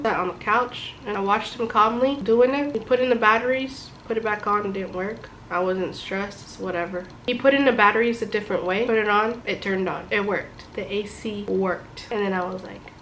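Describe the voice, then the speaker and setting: A woman's voice: medium pitch, a little hiss or hum, rough recording. Chatty young woman giving life advice. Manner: chatty and animated, addresses viewers as guys. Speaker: vlogger. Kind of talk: casual advice talk to camera.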